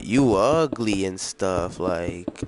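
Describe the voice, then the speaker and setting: A man's voice: low voice, expressive, extremely slow, background noise, full character voice. A man doing a rude mocking schoolgirl. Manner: blunt, insulting. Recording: music playing in the background.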